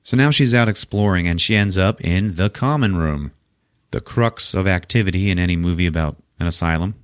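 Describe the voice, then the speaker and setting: A man's voice: deep voice, fairly quick, clear, resonant tone, dry recording, studio quality. A male podcast host casually recapping a horror film, joking and swearing often. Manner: profane, joking, laughs often.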